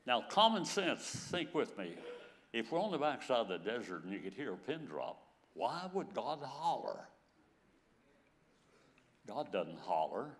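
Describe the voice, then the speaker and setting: An elderly man in his nineties delivers a sermon with a pitch that swoops up and down. He tells stories, chuckles between lines and acts out scripture scenes. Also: big pitch swings, a little slow, long pauses, fairly bright tone, slight background noise. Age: 90s. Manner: storytelling, chuckles often, dramatizes scripture. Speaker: preacher.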